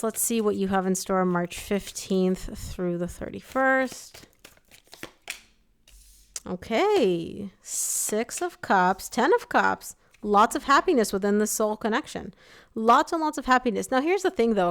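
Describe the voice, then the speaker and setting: A young woman gives a casual live tarot reading in a clean-toned, mid-range voice, animated and a little slow. She's chatty and sympathetic, leaning heavily on fillers like "like" and "um."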